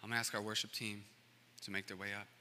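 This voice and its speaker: A male pastor preaching a sermon, swinging from loud, rising passages to hushed near-whispers. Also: on the low side, little pitch movement, a little fast, a little hiss or hum. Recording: reverberant hall with music behind.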